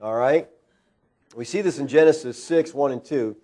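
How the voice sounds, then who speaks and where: A pastor preaches an expository sermon in a church sanctuary, his mid-range voice fairly quick and warm. He keeps it conversational, full of rhetorical questions, and often checks in with "all right?"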